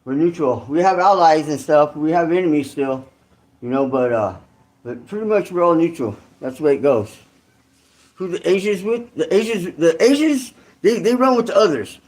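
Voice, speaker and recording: A man's voice: a little high, animated, normal speed, a little mellow. A man from California who hosts his channel, telling a story in a rambling, slangy monologue full of restarts and asides. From Santa Clara, California. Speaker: online creator host.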